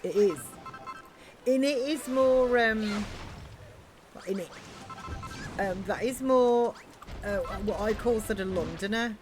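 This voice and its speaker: A woman's voice: on the high side, a little slow, music in the background. A woman streaming a building game, chatting casually and thinking aloud with many ums. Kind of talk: casual live-stream chat.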